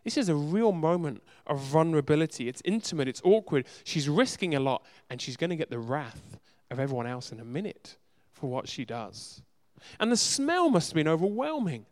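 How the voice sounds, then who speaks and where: Guy preaching a sermon, bit high voice, keeps repeating stuff for emphasis. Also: very animated, moderate pace. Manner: emphatic, asks many rhetorical questions, repeats words for stress. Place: church in a city.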